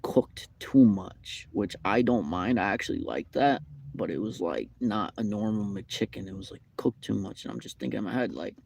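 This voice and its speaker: A young man chats on a live stream, telling a long, looping story full of fillers and repeats. His voice sits low and has a gravelly edge, and the tone is dark and mellow. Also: expressive, moderate pace. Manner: rambling, repetitive storytelling with many fillers. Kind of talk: casual live-stream chat. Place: McDonald's restaurant.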